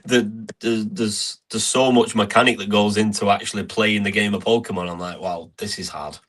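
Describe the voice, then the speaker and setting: Young man, podcast guest, easygoing and halting, low voice, bright tone. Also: fairly even intonation. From England. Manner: easygoing, halting, with many restarts. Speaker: wrestler guest. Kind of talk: casual chat.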